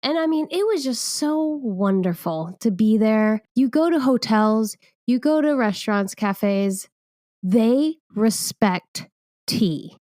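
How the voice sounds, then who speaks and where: A woman's voice: a little high, expressive, takes it slowly, warm tone, dry recording, clean studio sound. A woman co-hosting a podcast in casual chat, gushing and playful as she talks with enthusiasm. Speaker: podcast co-host.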